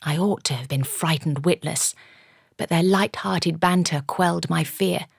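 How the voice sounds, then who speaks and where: A woman with a low, gravelly voice reads a first-person audiobook with dramatic, measured storytelling. Her comes through clearly in a dry, close recording. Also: no echo. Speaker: audiobook narrator. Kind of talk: audiobook narration.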